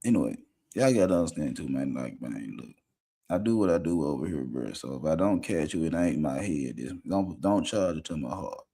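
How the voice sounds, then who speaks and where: A man hosting a casual livestream show, rambling and slangy, talking a lot while high. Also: expressive, brisk, creaky, warm tone. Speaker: podcast host.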